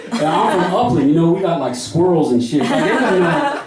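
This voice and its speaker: Male stand-up, slightly high and very lively voice, loose and swearing, echoey club from a distance with the crowd heard. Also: fairly quick. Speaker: stand-up comic. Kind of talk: stand-up set.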